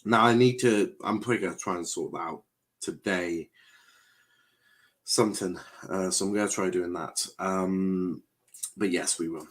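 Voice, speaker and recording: A man's voice: low-pitched, normal speed. Rambling young man streaming. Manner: rambling, repeats phrases, many fillers. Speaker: watchalong streamer. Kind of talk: casual live-stream chat reading comments.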